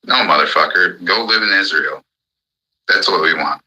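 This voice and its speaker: On a live audio chat, a man delivers an angry, profane rant, hammering the same points over and over. His low-pitched voice is bright and forceful at a moderate pace, captured in a low-quality recording.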